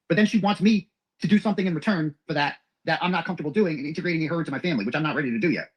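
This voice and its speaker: Husky-voiced man rattling off a profane, rambling personal story at high speed. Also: lively intonation, very fast, low-quality recording. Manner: profane, rambling, emotional retelling.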